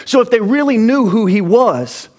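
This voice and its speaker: A man's voice: very high voice, animated, moderate pace. A man preaching a sermon as pastor, with rising emphasis and frequent restarts.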